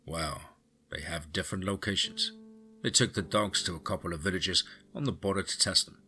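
A man voicing a grim male guide who tracks wolf-like beasts, speaking in a grave, measured way. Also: sits low, bright, forceful tone, faint music behind.

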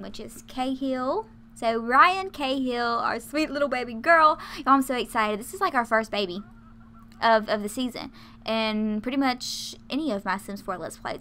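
A woman's voice: a little high, sharp tone, slight background noise. A woman casually commentating her life-sim game, chatty and laughing often. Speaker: let's play host.

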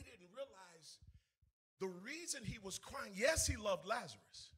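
A man preaching a sermon to a congregation, swinging between shouted, sing-song lines and hushed storytelling. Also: high voice, very animated, measured pace, slightly rough. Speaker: evangelist. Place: in front of a congregation.

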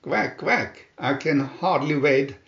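A man's voice: a little high, slow, creaky, fairly bright tone, heavily acted. A man voicing a lazy farm duck who quacks as he talks. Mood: eager. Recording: roomy, dull lo-fi home recording.

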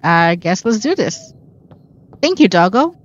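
A woman's voice: medium pitch, very animated, a little slow, lo-fi sound, slight background noise. Chatty woman narrating her gameplay. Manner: chatty, self-mocking, reacts aloud to the game. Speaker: gameplay streamer. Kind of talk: casual let's-play commentary.

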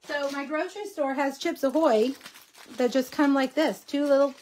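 A woman's voice: high voice, moderate pace, darkish tone. Chatty woman hosting a craft livestream. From Texas. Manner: chatty, chats with viewers while crafting. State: slight cough. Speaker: host. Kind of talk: casual craft tutorial livestream.

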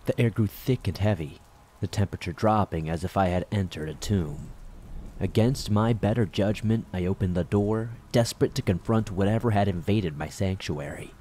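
Low-voiced man narrating horror. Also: mellow, slight background noise. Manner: measured, dramatic pacing.

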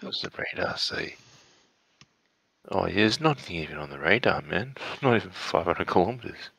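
A man's voice: deep voice, animated, moderate pace, creaky, fairly bright tone, slightly rough, dry recording. A man joining a casual chat, laid-back and joking.

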